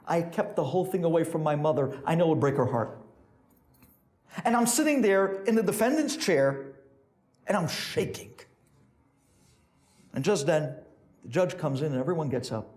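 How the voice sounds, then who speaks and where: A man's voice: expressive, moderate pace, pauses often, a little mellow. A man, a rabbi, telling a sermon story and acting out each character's voice. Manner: acts out characters with big pitch swings.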